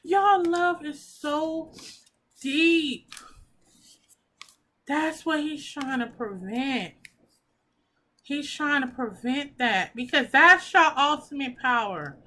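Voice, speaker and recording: High-pitched woman reading tarot, slow and gushy, gets all emotional, cusses casually. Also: expressive, pushed and bright. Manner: emotional, gushing, casual with swearing. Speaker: tarot reader. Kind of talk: pick-a-pile tarot reading.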